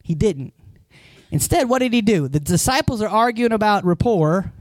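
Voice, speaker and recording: Lively conversational male pastor preaching. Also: high voice, normal speed, no echo, clean studio sound. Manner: conversational, questions the congregation directly; animated storytelling. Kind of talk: sermon.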